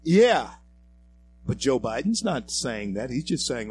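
A man's voice: medium pitch, lively intonation, slow pace, a little hiss or hum. A male radio talk show host giving emphatic, preachy political commentary and speaking straight to his listeners. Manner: emphatic, preachy, addresses listeners as folks and friends.

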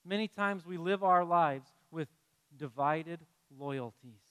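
Animated Midwestern preacher in a big hall. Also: male voice, a little high, slow, clean tone. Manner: playful, animated delivery with sudden loud rises and soft drops. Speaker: pastor. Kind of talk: sermon.

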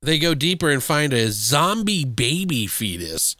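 A man co-hosting a podcast, recapping a horror film in casual, animated, profane chat and acting out lines from it. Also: fairly high pitch, unhurried, dry recording, clean studio sound. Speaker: podcast co-host. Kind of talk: casual movie review chat.

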